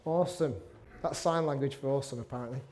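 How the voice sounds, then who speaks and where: A middle-aged man preaching a sermon in a church, conversational and warm-humoured with self-deprecating asides. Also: medium pitch, fast talker. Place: church meeting room.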